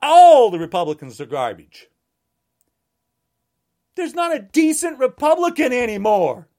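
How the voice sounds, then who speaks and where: Brief: heated woman ranting, high-pitched and swinging wildly, shouts now and then. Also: sing-song, unhurried. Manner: angry, ranting, at times shouting. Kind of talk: political rant.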